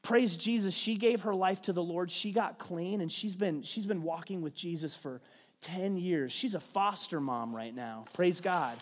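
Pastor preaching in a reverberant hall. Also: male voice, high voice, measured pace. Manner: conversational storytelling with many restarts. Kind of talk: sermon with personal stories.

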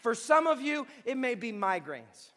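A man's voice: very high voice, very animated, measured pace, a bit bright. A man preaching a sermon as a pastor, speaking with impassioned emphasis. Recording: long reverb of a large hall.

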